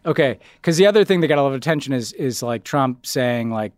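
A man co-hosting a political podcast in casual chat, rambling, saying "like" a lot and trailing off quieter at the ends of his thoughts. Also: medium pitch, lively intonation, fast, no echo, studio quality. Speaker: podcast co-host.

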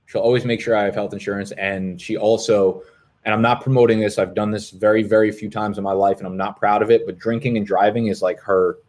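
A man's voice: on the low side, level tone, brisk, darkish tone. Swearing, rambling young man. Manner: profane, rambling, swears constantly. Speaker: live stream host. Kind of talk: casual chat.

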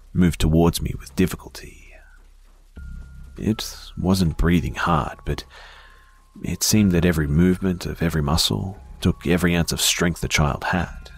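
A man slowly narrating a first-person horror story in a hushed voice that often drops to a whisper. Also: sits low, breathy edge.

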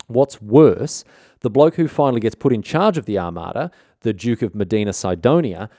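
A man's voice: mid-range voice, dark tone, no room sound, studio quality. An Australian man hosting a comic history podcast, telling the story in an irreverent, slangy way with rambling asides. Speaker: podcast host.

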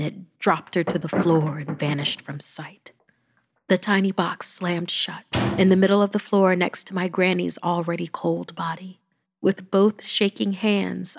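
A woman's voice: fairly low pitch, creaky. A woman narrating a first-person horror story, often dropping to a whisper with dramatic pacing.

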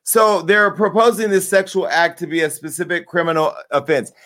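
Brash and animated, a man hosts a crude comedic commentary rant at normal speed, swinging from loud outbursts to low asides.

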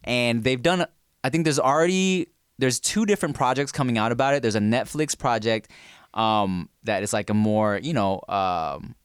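A man's voice: mid-range voice, normal speed, clean tone, no echo, clean studio sound. A man in his thirties co-hosting a podcast, telling a story in a laid-back, swearing, joking way. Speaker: podcast co-host. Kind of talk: casual podcast banter.

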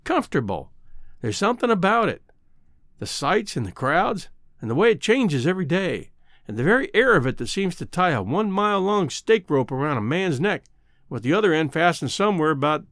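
A man's voice: fairly high pitch, big pitch swings, brisk, fairly bright tone, no echo. A mild, wistful former cowhand turned city dandy, sounding sheepish and fond of his comforts, played by a man reading the tale. His voice rises and falls with plenty of movement. It is recorded close and dry. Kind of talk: dramatic reading of a short story.

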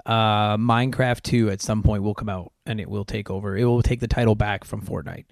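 A man's voice: lowish voice, steady tone, fairly quick, vocal fry, no room sound, clean studio sound. A man hosting a podcast, chatting casually and rambling with lots of filler words. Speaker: podcast host. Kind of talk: casual chat.

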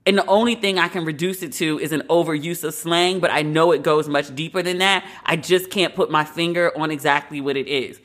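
A woman's voice: deep voice, brisk, few pauses. A woman hosting a podcast, giving her frank opinions in a casual, conversational way. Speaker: podcast host.

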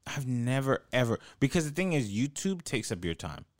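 A man's voice: mid-range voice, sing-song, moderate pace, no room sound, studio quality. A man co-hosting a podcast, chatting casually with slangy quips. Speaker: podcast co-host. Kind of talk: casual chat.

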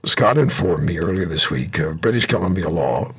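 Male host, very husky, rough voice, animated swings in pitch, casual storytelling. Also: moderate pace. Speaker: radio talk show host.

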